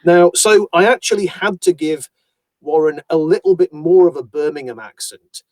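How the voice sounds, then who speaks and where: Chatty audiobook narrator from Yorkshire. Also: male voice, on the high side, normal speed, no room sound. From Yorkshire, England. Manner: animated, chatty storyteller who slips into accents. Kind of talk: casual conversation about voice work.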